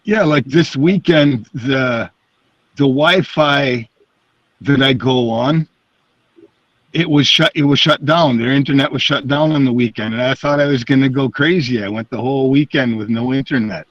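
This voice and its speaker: A man's voice: mid-range voice, normal speed, fairly bright tone, dry recording. A man in a casual group chat ranting with exasperated complaints. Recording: dry, dull lo-fi sound.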